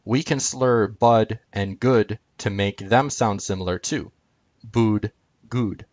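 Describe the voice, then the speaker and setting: In a fairly low, unhurried voice with no echo, a video lecturer works through a chart on screen item by item. He speaks off the cuff, often saying um and uh.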